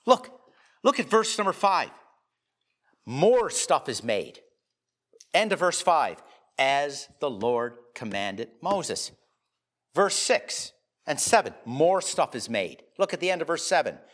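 A man preaching a sermon, telling a personal story in a conversational way, dropping to quiet confiding tones and rising into loud emphatic bursts. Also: on the high side, very animated, unhurried, long pauses, breathy edge.

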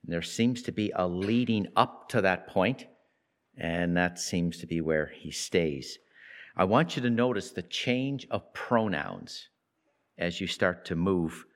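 A man giving devotional Bible teaching, reading scripture with lifted emphasis and talking reflectively with halting repeats. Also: deep voice, animated, fairly bright tone. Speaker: preacher.

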